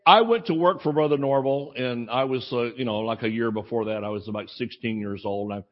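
A man's voice: mid-range voice, a little fast, highs cut off. A male preacher telling a rambling anecdote in a sermon, acting out the voices of the people he quotes. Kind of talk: sermon storytelling.

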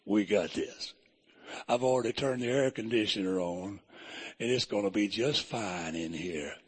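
A calm, reassuring God speaks in a low, hushed, unhurried voice, as a husky-voiced preacher puts him on. He drops well below his usual pitch and sounds relaxed and close, talking like a friend. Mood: calm reassurance. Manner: relaxed, easygoing, soft and close.

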